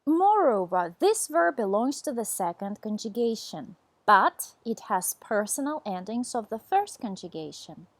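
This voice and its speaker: A woman reading a scripted beginner language lesson, enunciating each word slowly and deliberately for learners. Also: a little high, sing-song, no echo. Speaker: language teacher.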